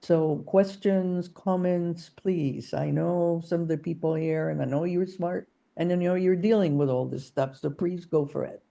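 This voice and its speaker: A woman's voice: fairly low pitch, fairly even intonation, a little slow, creaky, few pauses, warm tone. A woman hosting an interview, eagerly inviting the audience to ask questions. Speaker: host.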